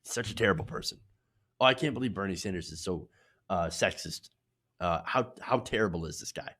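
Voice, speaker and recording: A sneering, whiny female politician complaining petulantly, as a male commentator mocks her. The voice stays close to his own and sits slightly low and subdued. The petty, grumbling tone carries the mockery. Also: brisk, a bit bright. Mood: mocking.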